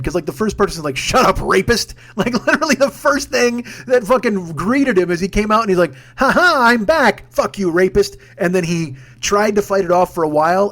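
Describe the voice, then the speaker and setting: A man delivering a casual, profane, ranting monologue full of restarts, recorded at home. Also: a little high. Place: home room with armchair.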